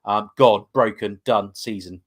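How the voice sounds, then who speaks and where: A man's voice: fairly low pitch, a little slow. Rambling man in fan chat. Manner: rambling, enthusiastic, many fillers. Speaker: podcast co-host.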